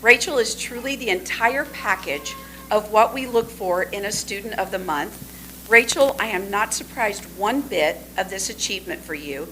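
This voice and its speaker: A woman presenting a student award at a school board meeting, reading teachers' tributes with warm, gushing praise. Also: medium pitch, lively intonation, moderate pace, a little hiss or hum, low-quality recording. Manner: warm and gushing, trails off to a hush when aside.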